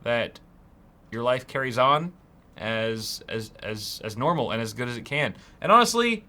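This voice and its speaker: A young man co-hosting a live tech show, joking around, swearing freely and breaking into loud bursts. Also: medium pitch, animated, a little slow. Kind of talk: casual live-stream chat.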